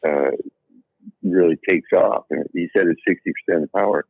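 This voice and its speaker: A man's voice: low-pitched, moderate pace, vocal fry, no room sound. A man in his seventies, a tennis coach guest, chatting casually and rambling through his points. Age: 70s. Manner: rambling storyteller, tells jokes with voices. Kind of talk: casual podcast chat. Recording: tinny phone line, dry.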